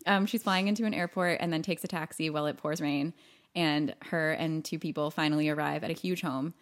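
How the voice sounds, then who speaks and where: A woman co-hosting a podcast, recapping a movie in lively, casual chat, with swearing and quick mimicry of characters. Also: deep voice. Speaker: podcast co-host.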